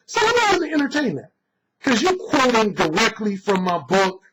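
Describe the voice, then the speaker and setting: Brief: male author-coach with a high voice, cocky and emphatic, swearing freely, on a noisy recording. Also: sing-song, normal speed, a bit bright. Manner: boastful, emphatic, blunt with profanity. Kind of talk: opinionated monologue.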